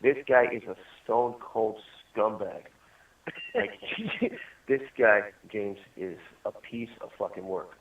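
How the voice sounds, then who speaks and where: A man's voice: on the low side, takes it slowly. A man in prison telling rambling stories in casual chat on a call, laughing often. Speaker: incarcerated caller. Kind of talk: casual storytelling over a phone call. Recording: distant, tinny phone line.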